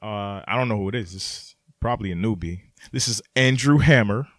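Hesitant low-voiced man chatting about beats. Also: a little fast, dry recording. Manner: hesitant, easygoing, laughs often. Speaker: podcast co-host reviewing beats. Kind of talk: casual chat.

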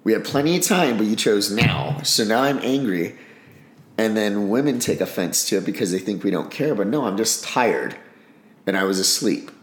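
This man, a veteran of army special operations, is a guest on a podcast and talks in a relaxed, no-nonsense way, swearing freely and acting out lines of conversation. He has a lowish, animated voice at a moderate pace, recorded in a roomy space.

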